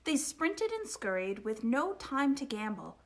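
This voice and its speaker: A woman reading a rhyming children's picture book aloud, expressive and sing-song, sometimes dropping to a whisper. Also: fairly high pitch, measured pace. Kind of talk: storytime read-aloud.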